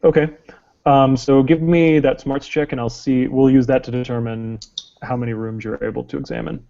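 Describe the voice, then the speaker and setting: Running a tabletop session, a male game master walks through the rules one piece at a time, full of filler words. He speaks at a moderate pace in a mellow, relaxed mid-range voice with vocal fry, on a dull lo-fi recording with a little hiss or hum.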